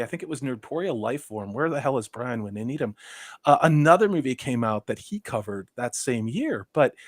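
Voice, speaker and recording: A man's voice: medium pitch, dry recording. A man hosting a casual livestream, reading out chat comments and riffing on them with rambling, sarcastic asides.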